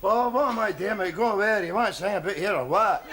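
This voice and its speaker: An actor playing a cheeky, broad-spoken Scottish student in a 1970s studio sitcom. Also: male voice, sits high, quick pace, heavy background noise, lightly acted. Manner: broad dialect, breezy and cheeky.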